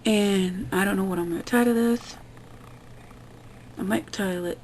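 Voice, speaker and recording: A woman's voice: medium pitch, moderate pace, gravelly, long pauses, darkish tone, a little hiss or hum, low-quality recording. A woman vlogger ranting bluntly with lots of swearing, sounding fed up. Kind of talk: ranting commentary vlog.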